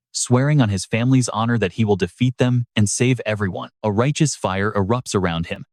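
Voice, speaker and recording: A man's voice: fairly low pitch, darkish tone, no room sound, clean studio sound. A man narrating a story recap in a dramatic, scripted storytelling manner. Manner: dramatic storytelling with brief voiced quotes.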